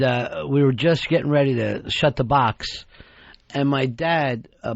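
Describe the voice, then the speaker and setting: A man hosting a radio talk show, teasing his co-host with crude insults and deadpan dark jokes. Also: mid-range voice, no room sound. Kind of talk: crude comedic radio banter. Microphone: studio microphone. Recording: dull dry radio studio sound.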